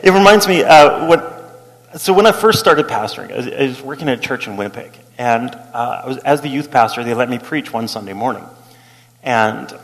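A middle-aged male pastor preaching a sermon as an animated story, acting out the people he quotes and laughing as he goes. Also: medium pitch, brisk. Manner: animated, acts out quotes, laughs while telling. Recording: long hall reverb.

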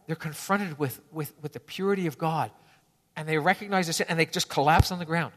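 A male pastor preaches earnestly in a conversational way, often restarting his phrases. His voice sits fairly high for a man. A long hall reverb trails behind every line. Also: fairly quick. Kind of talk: sermon.

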